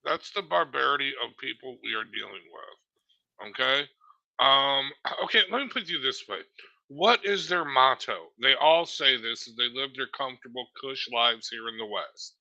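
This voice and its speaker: A man's voice: mid-range voice, expressive, moderate pace, vocal fry, bright, forceful tone, lo-fi sound. A man in a heated political discussion, emphatic and blunt. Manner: emphatic, terse agreements. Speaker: discussion group participant.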